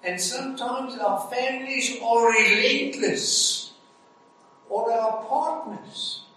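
Slow, echoey man preaching a sermon. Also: very high voice, bright, forceful tone. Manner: dramatic, rising to emphatic peaks with slow stressed phrases. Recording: echoey hall, heard from a distance.

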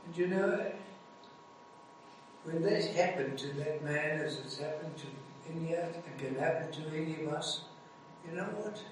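A man preaching a sermon. He builds to emphatic peaks and stresses phrases slowly. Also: a little high, slight background noise. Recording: echoey hall, heard from a distance.

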